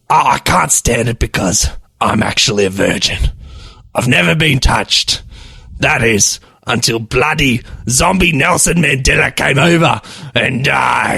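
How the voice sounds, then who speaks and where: Man doing a ranting swearing caller, bright tense voice, dry sound. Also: medium pitch, creaky, breathy edge, no room sound, full character voice. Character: furious foul-mouthed grown man caller.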